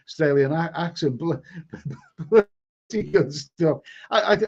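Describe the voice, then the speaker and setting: Middle-aged Scouse host, somewhat high voice, stumbling, repetitive chat, muffled lo-fi stream sound. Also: male voice, a little slow, a little mellow. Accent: Liverpool. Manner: stammering, repeats words, chatty. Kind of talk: casual chat reading viewer comments. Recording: dull lo-fi stream audio.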